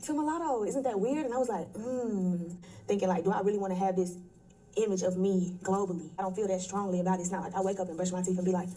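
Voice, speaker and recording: A woman being interviewed, reflecting out loud on her own experiences. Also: mid-range voice, steady tone, very fast. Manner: reflective, thinking aloud. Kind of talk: interview clip. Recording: distant playback through stream.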